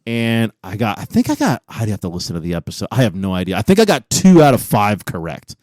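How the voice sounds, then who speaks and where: Animated, profane man in his forties. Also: on the low side, quick pace, no echo, studio quality. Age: 40s. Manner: profane, animated storyteller who laughs often. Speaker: podcast co-host. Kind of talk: casual chat.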